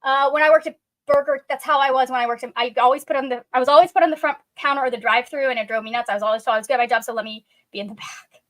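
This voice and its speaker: A woman's voice: sits high, very fast, fairly bright tone. A young woman co-hosting a reading stream, chatting casually in a bubbly, naturally cheerful way. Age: young adult. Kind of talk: casual chat.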